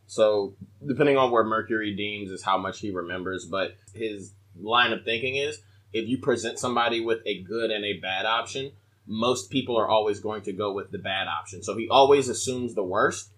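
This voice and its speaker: Low-voiced man, guest on a chatty podcast, talks in loose, rambling explanations. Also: normal speed, a bit bright, rough recording. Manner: rambling, self-correcting explanations. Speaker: podcast guest, player in a tabletop game. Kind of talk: casual chat explaining his character.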